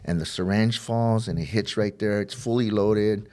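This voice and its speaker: A middle-aged man with a very low, deep voice tells his own story of addiction and recovery as a podcast guest. He rambles, doubles back and repeats words, and acts out old conversations in the quoted lines. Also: normal speed, a little mellow. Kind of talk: personal storytelling.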